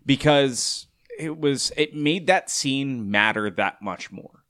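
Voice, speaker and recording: A man co-hosting a fan podcast, chatting excitedly and rambling, often trailing off mid-sentence. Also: medium pitch, takes it slowly. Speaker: podcast co-host. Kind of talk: casual fan chat.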